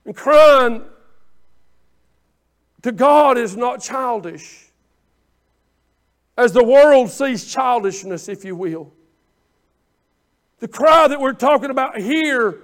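A pastor preaching a sermon with passion, swinging from quiet pleading to shouting and often repeating words as he builds. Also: very high voice. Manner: repeats words and restarts phrases.

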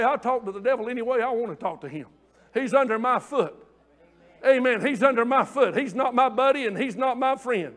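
A man preaching a fervent sermon, rising to shouts and calling out to the congregation. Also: extremely high pitch, moderate pace, long pauses.

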